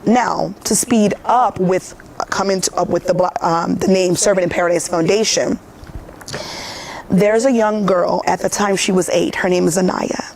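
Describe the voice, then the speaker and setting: Earnest female TV guest, gravelly voice, faint hiss behind, moved while telling her story. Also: on the low side, steady tone, normal speed, a little mellow. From United States. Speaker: foundation founder, guest. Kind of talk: morning TV interview.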